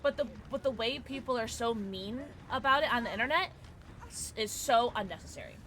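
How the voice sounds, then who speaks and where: A woman streaming a game and chatting casually with her viewers, excitable and quick to thank them. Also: fairly high pitch, slight background noise. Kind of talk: casual livestream chat while gaming.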